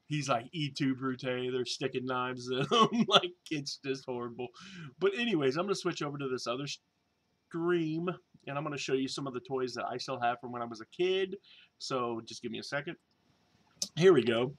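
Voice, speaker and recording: A man's voice: medium pitch, a little hiss or hum. Rambling jokey man in his thirties. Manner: rambling, jokey, many fillers and restarts; louder and excited when showing toys. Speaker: vlogger and toy reseller. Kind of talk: casual vlog chat.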